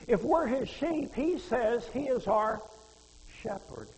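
A man's voice: very high voice, expressive, slow pace, creaky, a little mellow. A man preaching a sermon in a folksy way, asking the congregation questions and quoting scripture. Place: church hall. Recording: reverberant hall.

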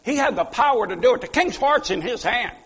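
A man preaching a sermon, fiery and emphatic, with sudden loud outbursts. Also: very high-pitched, expressive, brisk, husky, in a large hall. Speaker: pastor.

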